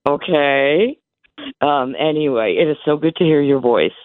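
A woman in her sixties rings in to a radio show, her voice sitting low and unhurried. She speaks with emphatic emotion, going over the same points while her voice breaks. It's a tinny phone recording with no room sound.

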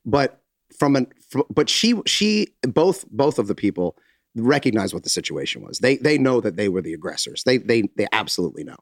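A man's voice: fairly low pitch, very animated, brisk, no room sound, studio quality. A middle-aged man, a podcast co-host, telling a story in casual chat, acting out quotes and swearing freely.

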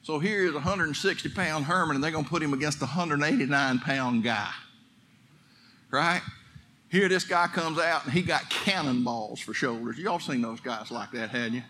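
A man's voice: on the high side, moderate pace, bright, forceful tone, slight background noise. A man pastor preaching a sermon, telling a story and building to fervent exhortation.

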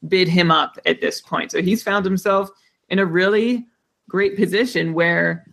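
High, gravelly man, hesitant chat. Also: steady tone, unhurried, fairly bright tone. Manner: hesitant, many fillers. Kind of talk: casual chat.

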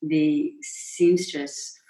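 Chatty actress, roomy and distant. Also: female voice, sits low, fairly even intonation, very slow, mellow. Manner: chatty, self-interrupting, acts out quotes. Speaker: stage actress and guest. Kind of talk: anecdotal interview storytelling. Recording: roomy echo, distant mic.

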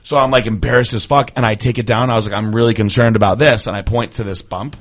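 A man's voice: mid-range voice, steady tone, fast. Profane rambling man telling a story. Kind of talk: casual storytelling.

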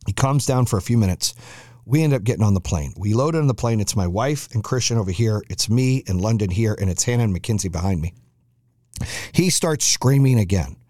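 A man's voice: lowish voice, expressive, brisk, warm tone, no room sound, studio quality. A man hosting a podcast, telling a chaotic family travel story with lots of cursing and acted-out quotes. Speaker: podcast host. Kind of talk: storytelling monologue.

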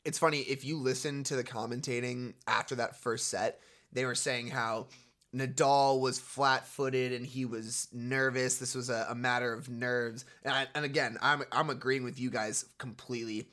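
A man's voice: medium pitch, steady tone, moderate pace, bright, forceful tone. A man co-hosting a casual tennis podcast, emphatic and opinionated. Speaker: podcast co-host. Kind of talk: casual sports podcast chat.

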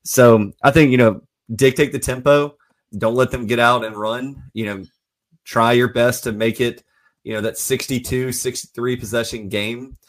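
A male sports talk host lays out his analysis in a steady, even way. His voice sits in an ordinary middle range. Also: medium pitch, moderate pace.

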